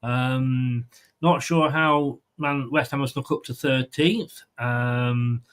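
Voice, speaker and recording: A man's voice: medium pitch, steady tone, takes it slowly, a bit bright, clean tone. A man hosting a football prediction show, chatting casually and rambling with frequent ums and restarts. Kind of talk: casual chat.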